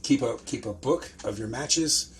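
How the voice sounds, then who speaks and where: A man hosting a podcast, swapping wrestling stories in a casual, profane, animated way and acting out what people said. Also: mid-range voice, measured pace, slight background noise. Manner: profane, animated storyteller who acts out quotes. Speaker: podcast host and pro wrestler. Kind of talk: casual storytelling chat.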